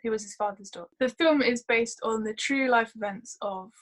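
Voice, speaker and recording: A young woman in her twenties talks through a film review in a casual, chatty way, drifting into anecdotes. Her voice sits a little high, and the sound comes over a home video call. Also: normal speed, low-quality recording. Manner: chatty, storytelling with asides. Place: home during lockdown.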